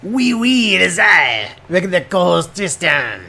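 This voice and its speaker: A man's voice: high-pitched, sing-song, a little slow, gravelly, sharp tone, a little hiss or hum, heavily acted. A man doing a hammy fake-French accent. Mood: mock-proud. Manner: mock-proud, theatrical. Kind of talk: comedic podcast improv.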